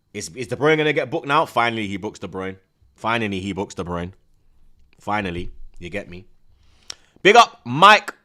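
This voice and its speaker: A man, hosting a live football watchalong, chatting in heavy street slang with the viewers and shouting at big chances. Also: deep voice.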